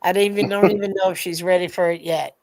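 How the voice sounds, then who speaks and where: A woman with a notably low-pitched voice spins an animated anecdote in casual chat, cursing freely as she goes. Her delivery is lively and conversational. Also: quick pace. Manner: animated storyteller, swears freely. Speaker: co-host.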